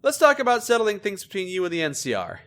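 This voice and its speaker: A man's voice: high voice, big pitch swings, fast talker, a bit bright. A man commenting on his gameplay, joking sarcastically and playing his character aloud. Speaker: gaming video host.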